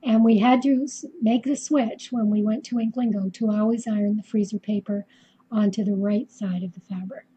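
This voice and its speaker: A woman's voice: mid-range voice, fairly even intonation, normal speed, mellow, breathy edge, low-quality recording. A middle-aged woman with a Canadian accent, hosting a live quilting tutorial in a chatty way with lots of ums and restarts. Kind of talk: casual live-stream tutorial.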